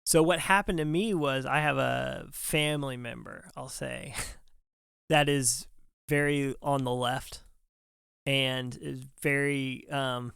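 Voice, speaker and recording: A young adult man, a firefighter guest on a podcast, telling a story casually and acting out what other people said in quick quoted bits. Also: medium pitch, fairly even intonation, gravelly, fairly bright tone, clean tone, no room sound, clean studio sound. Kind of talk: animated storytelling in casual conversation.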